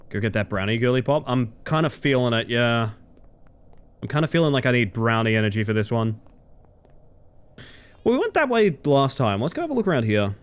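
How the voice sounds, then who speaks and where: A man streaming a game live, chatting with his viewers, excitable, swearing and yelping at every surprise. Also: mid-range voice. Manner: chats with viewers.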